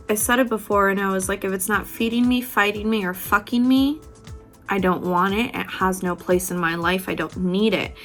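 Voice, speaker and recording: A woman giving a casual, candid motivational talk while doing her makeup, swearing freely and laughing often, moving between loud outbursts and soft, gentle passages. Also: medium pitch. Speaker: beauty vlogger.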